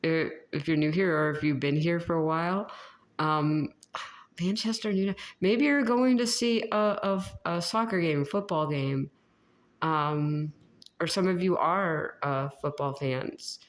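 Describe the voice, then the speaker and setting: A woman's voice: deep voice, unhurried. A woman talking casually through a tarot reading for viewers, rambling, restarting her sentences and laughing often. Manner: many fillers and restarts. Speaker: tarot reader.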